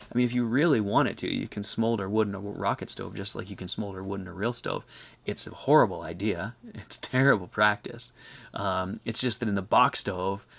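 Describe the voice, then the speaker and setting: Gravelly low-voiced man rambling about stoves. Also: fairly bright tone. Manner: rambling, self-correcting, explanatory. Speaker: host of a live stove chat. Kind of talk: casual live-stream chat answering questions.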